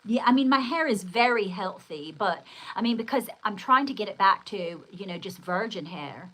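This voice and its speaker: A woman's voice: mid-range voice, expressive, moderate pace, pushed and bright, low-quality recording. An older woman hosting a casual livestream, chatting in a rambling, exclamatory way and reading out viewer comments. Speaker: livestream host.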